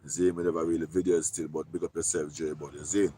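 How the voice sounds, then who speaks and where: A Jamaican man talking casually on a live stream, giving shout-outs in loose patois and repeating his catchphrases. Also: rumbling low, flat delivery, fast talker, a little hiss or hum.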